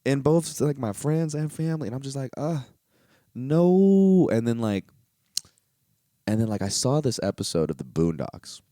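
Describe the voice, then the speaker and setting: A man's voice: medium pitch, lively intonation, normal speed, dark tone, no echo, studio quality. A young man hosting a solo podcast, talking in a rambling, candid, profane way with lots of fillers. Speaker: podcast host. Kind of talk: casual solo podcast monologue.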